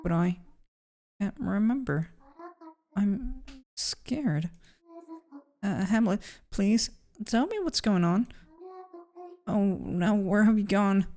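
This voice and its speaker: A woman's voice: medium pitch, lively intonation, slow, long pauses, warm tone, voice pushed up. A woman voicing a frightened, confused young woman who asks anxious, pleading questions, as fan voice acting of a game.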